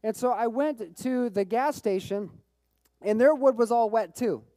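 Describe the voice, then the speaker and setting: A man preaching a sermon as pastor, telling a personal story with bursts of excitement and frequent repeated words. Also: very high voice, measured pace, no echo. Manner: repeats words when restarting phrases.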